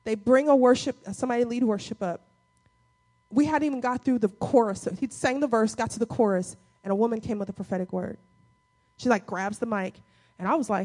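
Animated woman preaching a conversational sermon. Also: on the high side, brisk. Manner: conversational preaching with acted-out quotes. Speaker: pastor.

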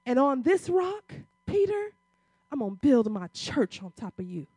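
High-pitched lady preaching hard, lots of questions, casual church talk, dry mic. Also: big pitch swings, moderate pace, slightly rough, no echo. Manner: impassioned, rising to loud emphatic peaks; uses casual church vernacular, rhetorical questions. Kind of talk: sermon.

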